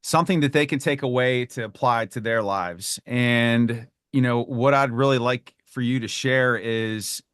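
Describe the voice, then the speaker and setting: A man's voice: mid-range voice, unhurried, few pauses, fairly bright tone, clean tone, no room sound, studio quality. A man hosting a podcast interview, earnest and grateful, often repeating words as he asks questions. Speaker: podcast host.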